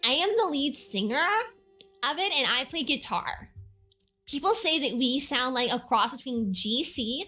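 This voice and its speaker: High, bright woman giggling through a reading. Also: lively intonation, a little slow, soft background music. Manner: giggly, mock-dramatic, asides and swearing. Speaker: reader. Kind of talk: comedic dramatic reading.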